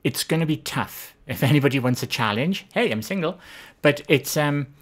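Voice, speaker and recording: A woman's voice: sits low, expressive, moderate pace. Hesitant, rambling woman streaming live. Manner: hesitant, rambling, self-deprecating.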